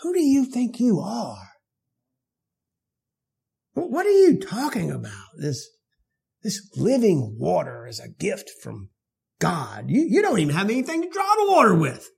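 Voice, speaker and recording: A man's voice: high-pitched, huge pitch swings, a little slow, creaky, long pauses, darkish tone, husky, exaggerated voice. A man preaching puts on a scornful Samaritan woman at a well, firing off incredulous, mocking questions.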